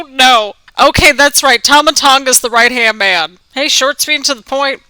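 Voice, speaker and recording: A woman giving casual, excitable reaction commentary as a vlogger, gasping and crying out at big moments. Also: high voice, no room sound, low-quality recording.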